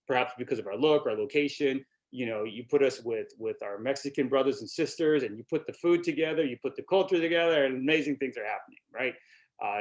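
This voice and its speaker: Middle-aged male presenter, relaxed conversational delivery with frequent "you know" and "right?" tags, workshop talk on a video call. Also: medium pitch.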